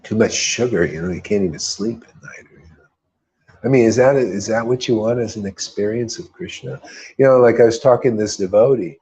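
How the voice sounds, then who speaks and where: A man's voice: on the low side, a little fast, darkish tone, breathy edge. A man leading a devotional group, giving an informal spiritual talk full of emphatic repetition and rhetorical questions.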